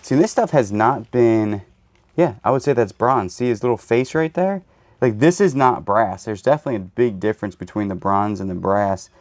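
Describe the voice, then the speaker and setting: A man's voice: on the low side, expressive, moderate pace, darkish tone, dry recording. A man hosting a casual storage unit unboxing, cracking goofy jokes as he unpacks. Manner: joking, goofy asides. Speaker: storage unit reseller host. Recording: faint background noise, birds.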